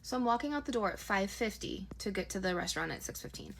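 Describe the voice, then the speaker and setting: Young woman storyteller, rapid casual storytime delivery, chatty and exasperated. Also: mid-range voice, expressive, vocal fry, fairly bright tone, slight background noise. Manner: chatty, exasperated retelling with lots of "like".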